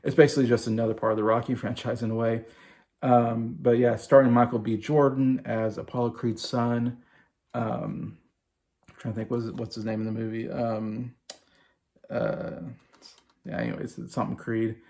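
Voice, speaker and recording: Male vlogger, forties, gushing movie fan, casual monologue with a touch of vocal fry. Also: medium pitch, flat delivery, normal speed, darkish tone. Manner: gushing, enthusiastic.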